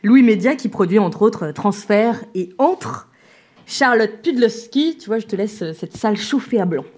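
A woman's voice: medium pitch, lively intonation, brisk, warm tone, breathy edge. A woman introducing guests on a festival stage in a chatty, self-mocking way. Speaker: festival presenter.

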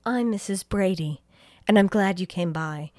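A woman's voice: mid-range voice, moderate pace, no echo. Young woman podcast host acting out a movie recap, dry mic, casual. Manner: animated storyteller acting out lines, laughs often. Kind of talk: casual chat recapping a film.

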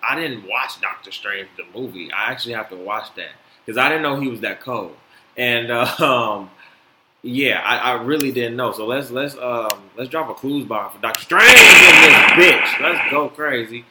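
A man hosting a casual solo podcast, animated and swearing freely with many fillers. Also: mid-range voice. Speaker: podcast host. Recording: echoey room, faint noise.

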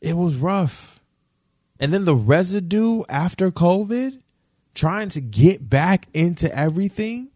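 A man's voice: on the high side, vocal fry, a little mellow, no room sound, studio quality. Man telling a personal story. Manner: repetitive, restarting, addresses viewers as y'all. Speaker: vlogger. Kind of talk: emotional storytelling to viewers.

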